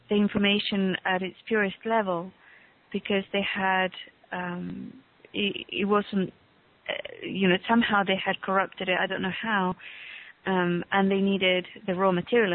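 A woman speaking as a guest on a call, talking slowly and haltingly as she reaches for words. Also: medium pitch. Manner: slow, halting, searching for words. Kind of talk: casual conversation on a call. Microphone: call audio. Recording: tinny phone-line call.

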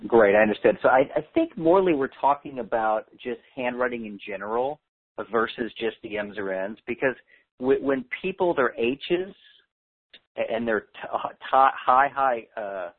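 Husky man teaching over a tinny line. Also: medium pitch, expressive, moderate pace. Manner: chatty, explanatory, joking asides. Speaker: handwriting analysis seminar host. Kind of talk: teaching seminar with callers. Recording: tinny phone-line audio.

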